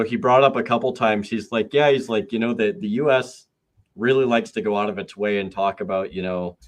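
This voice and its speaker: A man hosting a podcast, talking casually and rambling with many fillers and restarts. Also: fairly low pitch. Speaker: podcast host.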